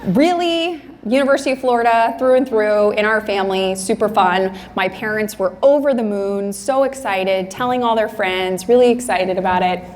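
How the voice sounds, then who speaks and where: A young woman giving a motivational keynote talk on a conference stage, upbeat and chatty and quick to laugh. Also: mid-range voice, darkish tone, slight background noise. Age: young adult. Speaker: keynote speaker. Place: conference stage in a large hall. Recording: echoey hall, faint ambience.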